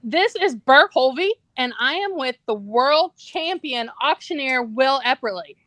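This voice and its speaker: A Southern woman from Virginia co-hosts a podcast in a high, bright voice. She sounds bubbly and teasing and exclaims her questions. The sound is close and dry, with no room echo at all. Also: lively intonation, a little slow. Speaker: podcast co-host. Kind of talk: casual podcast interview.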